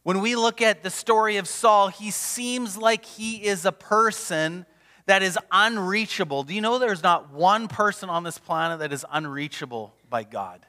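A man preaching a sermon as pastor, passionate and emphatic, sometimes dropping to a hush. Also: high-pitched, normal speed. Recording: long reverb of a large hall.

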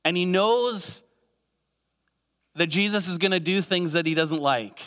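A man's voice: high-pitched, unhurried, a bit bright. Earnest male pastor, hall echo. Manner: earnest, uses many rhetorical questions and repetition. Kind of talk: sermon.

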